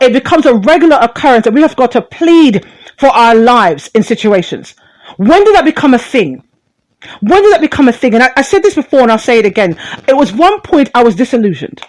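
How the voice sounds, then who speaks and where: A woman's voice: on the high side, very animated, normal speed, dry recording. Fiery, outspoken woman radio host. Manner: fervent, profane, rhetorical questions. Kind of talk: impassioned talk radio monologue.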